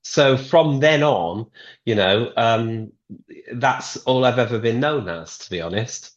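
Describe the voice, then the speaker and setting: A man's voice: medium pitch, takes it slowly, highs cut off. A man from Britain, a guest guitarist, chatting casually on a podcast and telling stories with lots of restarts. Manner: rambling, lively storytelling with many restarts.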